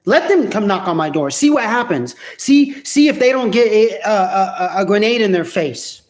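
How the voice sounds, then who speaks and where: A man's voice: sits high, animated, moderate pace. A man ranting casually to camera in a vlog at home, profane and rambling with many restarts. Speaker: vlogger.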